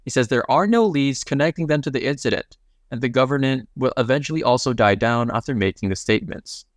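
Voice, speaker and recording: A man retells a comic story in a relaxed, slangy recap voice and walks through each scene as it comes. His voice sits at an ordinary middle pitch. It is recorded close and dry, with no room sound. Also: brisk, no room sound. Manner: casual and slangy, retelling panels in plain speech. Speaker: manhwa recap narrator. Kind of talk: casual story recap narration.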